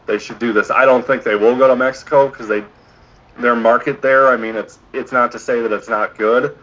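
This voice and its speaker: A man's voice: mid-range voice, steady tone, a little fast, fairly bright tone. A man co-hosting a podcast in casual chat, opinionated and rambling. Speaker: podcast co-host. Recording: dull lo-fi podcast audio.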